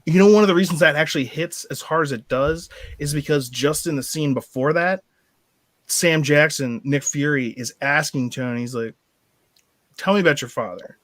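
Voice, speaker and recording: Excitable man with a dry, close sound. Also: a little high, normal speed, no room sound. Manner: excitable, laughs often, acts out movie quotes. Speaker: podcast host. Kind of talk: casual movie discussion.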